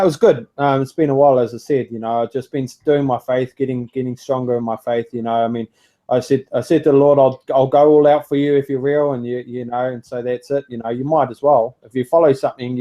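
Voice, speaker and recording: A man with a New Zealand accent, chatting casually as a caller on a video hangout, speaking in a relaxed, laid-back way with many fillers. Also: medium pitch, fast, muffled recording. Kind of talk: casual chat.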